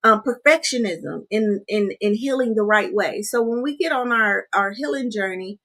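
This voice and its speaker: Woman coach talking to a live stream crowd, keeps going "right?", friendly and chatty, mid-pitched voice. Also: expressive, normal speed, fairly bright tone. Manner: chatty, keeps asking "right?" and calls listeners "you guys" and "honey". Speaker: life coach.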